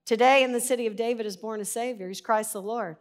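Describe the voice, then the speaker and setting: A woman with a slightly raised voice teaches from scripture. She reads verses steadily, then talks them through conversationally, leaning on single words for emphasis and clearing her throat now and then. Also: fairly high pitch, steady tone, fast. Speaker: Bible teacher. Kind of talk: Bible reading and teaching.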